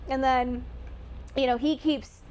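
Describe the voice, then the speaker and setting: A woman co-hosting a casual movie chat podcast, talking emotionally in halting bursts with many restarts and some swearing. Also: high voice, fairly even intonation, darkish tone. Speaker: podcast co-host.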